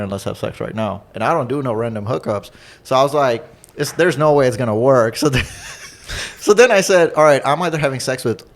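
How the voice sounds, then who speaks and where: Laid-back profane male comedian telling stories. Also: medium pitch. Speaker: stand-up comedian, podcast guest. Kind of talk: casual storytelling chat.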